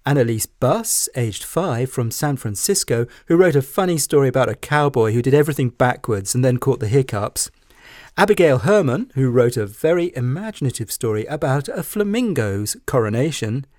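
A male co-host reads out a list of children's special mentions in a brisk manner. His voice sits at a middle pitch. The recording is dry and close. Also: lively intonation, darkish tone, no echo. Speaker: co-host announcing winners.

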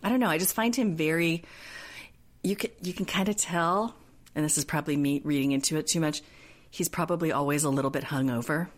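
A low-pitched woman chatting as a podcast co-host. She retells scenes in an animated way and quotes people in put-on voices. The talk is loose, casual and quick to joke. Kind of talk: casual chat recapping a reality show.

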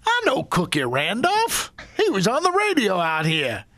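A man doing a drawling Arizona highway cop. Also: wildly swooping pitch, unhurried, sharp tone, full character voice. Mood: folksy. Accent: Southern Arizona.

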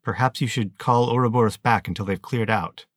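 A man reading the part of a dutiful female lieutenant in a storybook, respectful and brisk as she reports to her colonel. His delivery stays close to his own low voice. The sound is dry and close. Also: no room sound, lightly acted.

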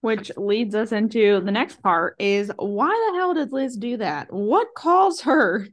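A woman's voice: a little high, animated, slow. A young woman co-hosting a podcast in casual chat, laid-back, slangy and teasing. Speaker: podcast co-host.

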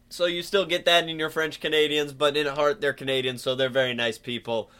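A man's voice: on the high side, little pitch movement, a little fast, few pauses, fairly bright tone, clean tone. A man co-hosting a podcast, rambling and joking in casual chat, full of fillers. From Southern US. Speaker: podcast co-host.

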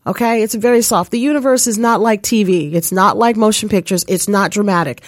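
A woman's voice: medium pitch, a little fast, few pauses, no echo, clean studio sound. A woman hosting a live spiritual coaching show, telling a personal story in an earnest, casual way and often speaking to listeners directly. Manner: earnest, addresses listeners as "you guys".

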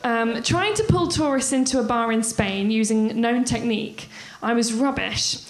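A woman's voice: on the high side, moderate pace. A woman hosting a live story slam, bubbly and chatty, laughing between announcements. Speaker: event host. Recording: echoey live venue with crowd and noise.

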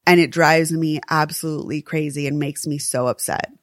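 A woman's voice: low voice, fairly even intonation, normal speed, no echo, studio quality. A woman co-hosting a true crime podcast, talking earnestly and emphatically and swearing when worked up. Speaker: podcast co-host.

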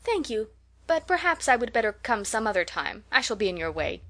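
A woman reading aloud, voicing a lively, teasing schoolgirl in a higher, brighter voice. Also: fairly quick, exaggerated voice. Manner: playful, mock-polite, high and bright.

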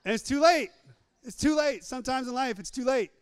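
A man's voice: very high voice, fairly quick, smooth, no echo. A man preaching a humorous sermon, repeating phrases for emphasis and acting out little scenes in different voices.

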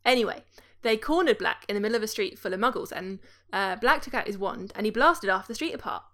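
A woman's voice: medium pitch, animated, fast talker, fairly bright tone. British woman reading as a gossipy young bus conductor, storybook, chatty and dramatic.

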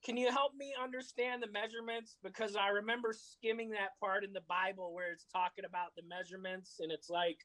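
A person in a casual chat, joking and playful, with a medium-pitched voice. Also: fairly even intonation, fairly quick, few pauses, sharp tone, poor audio.

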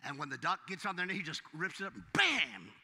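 A man preaching a sermon as pastor, swinging from hushed asides to loud exclamations. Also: high-pitched, huge pitch swings, fairly quick, in a large hall, slight background noise.

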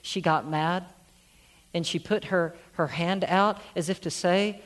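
A man's voice: sits high, steady tone, unhurried, a bit bright. A middle-aged male pastor preaching a sermon, telling stories earnestly and repeating phrases for emphasis. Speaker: senior pastor.

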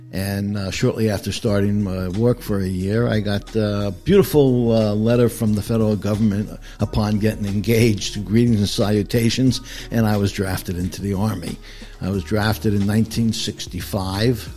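Older jersey guy telling his story, low voice, bit of music behind. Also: dark tone. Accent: Northern New Jersey. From New Jersey. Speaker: guest, veteran. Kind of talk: casual interview.

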